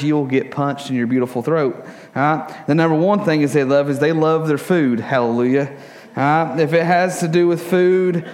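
A young adult man preaching a casual sermon, telling stories with jokes and lots of fillers. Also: on the high side. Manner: casual, joking, animated storytelling with many fillers. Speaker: pastor.

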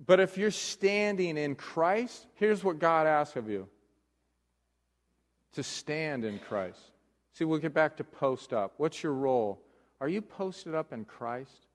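High-voiced male pastor preaching in a hall. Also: a little slow. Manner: conversational, swings from hushed to loud. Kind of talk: sermon.

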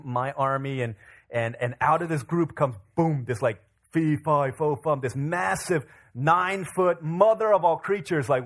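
A male pastor preaching a sermon in an animated, casual storytelling way. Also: a little high.

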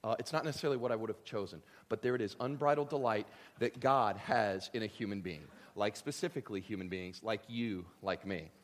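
A man preaching a sermon as pastor, joking and animated, swinging from loud lines to hushed ones. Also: lowish voice, fairly quick, hardly any pauses.

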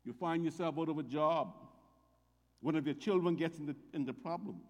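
A man's voice: on the high side, normal speed, darkish tone, big-room sound, muffled recording. A man preaching a sermon as pastor, reading scripture aloud with emphatic rises on the quoted lines.

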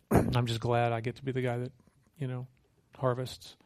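A man's voice: medium pitch, unhurried. A man preaching as a missionary, telling stories in a conversational, humorous way and acting out quotes. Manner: conversational, humorous, animated storytelling with acted quotes. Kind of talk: sermon.

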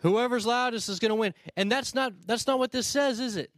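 A male pastor preaching a sermon, telling stories in a conversational way with quick asides and restarts. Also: very high-pitched, fairly bright tone, no room sound. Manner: storytelling, conversational with quick asides and repeated starts.

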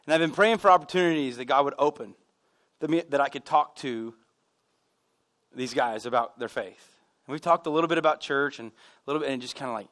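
A man preaching a sermon as pastor, telling animated stories with self-deprecating humor. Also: mid-range voice, brisk, pauses often. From United States. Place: church sanctuary.

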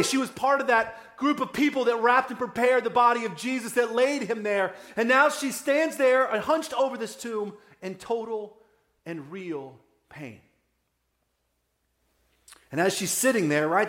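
A man preaching a conversational sermon as a pastor, often checking in with "right?" and dropping soft and low for emotional moments. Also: reverberant.

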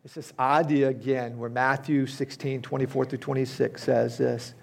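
A man's voice: medium pitch, level tone, normal speed, vocal fry, breathy edge. A man in his fifties preaching a sermon to his congregation in a conversational way, often checking in with "right?" and "okay?". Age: 50s. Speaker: pastor. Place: church hall before a congregation.

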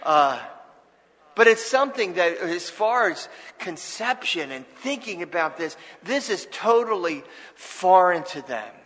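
A man's voice: high voice, animated, a little slow, a bit bright, big-room sound, low-quality recording. A man preaching a sermon as pastor, earnest and conversational, with restarts and asides to the congregation.

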